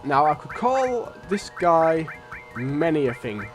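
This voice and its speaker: Give me a chatty, blunt man commentating a let's play, with a slightly high voice and faint game music. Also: big pitch swings, slow. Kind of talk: casual gameplay commentary.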